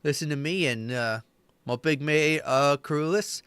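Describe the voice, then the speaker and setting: A smug, bossy halfling lieutenant of a bandit crew, played by a male game master, laying down the rules in an easy, unhurried drawl. The voice sits only a little above the man's own and stays quiet and clear in a dry space. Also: fairly high pitch, dry recording.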